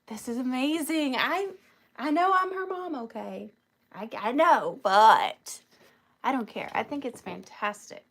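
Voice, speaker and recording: A woman in her thirties talks through a live vintage sale in a chatty, gushing way. Her voice sits a little high, and she takes her time with every sentence. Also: fairly bright tone. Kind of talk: casual live-sale chat.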